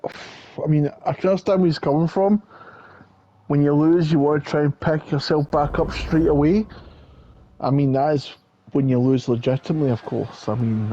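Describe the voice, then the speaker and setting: A man's voice: on the high side, moderate pace, mellow, dull audio. A man, co-commentating on a wrestling video game with cocky, boastful banter. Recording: clear background hiss.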